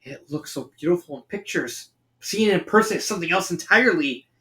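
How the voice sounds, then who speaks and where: Guy doing a gushy fashion-loving cartoon girl, lively ups and downs. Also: sits high, brisk. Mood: excited. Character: excited young woman, fashion-loving, cartoon. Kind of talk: fan fiction reading.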